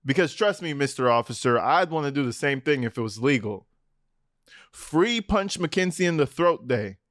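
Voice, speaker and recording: A man's voice: on the high side, animated, moderate pace, fairly bright tone, dry recording, clean studio sound. A man giving profane reaction commentary on police footage in a mocking, sarcastic way. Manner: mocking, sarcastic, swears a lot.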